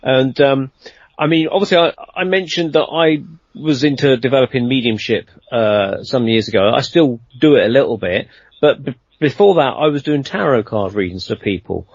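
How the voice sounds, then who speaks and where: A guest storyteller with a mid-range voice speaks at normal speed in a casual interview, recorded without echo but with the highs cut off. He tells a long, rambling, conversational anecdote full of fillers and restarts.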